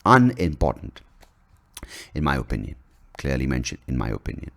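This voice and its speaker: A man's voice: rumbling low, sing-song, normal speed, creaky, a bit bright. A man hosting a podcast, rambling through a profane, self-mocking comedic monologue. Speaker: podcast host.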